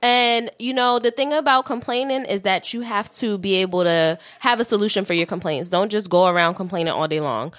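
A woman's voice: mid-range voice, fairly quick, hardly any pauses, fairly bright tone, no room sound. Woman, podcast co-host, blunt direct advice, dry close sound. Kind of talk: casual advice talk.

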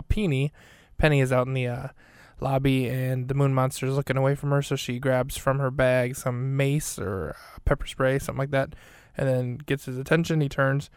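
A man's voice: medium pitch, smooth, no echo, clean studio sound. A man hosting a podcast, casually recapping an episode with lots of fillers and quoted lines of dialogue. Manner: loose retelling with many fillers and quoted dialogue. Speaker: podcast host.

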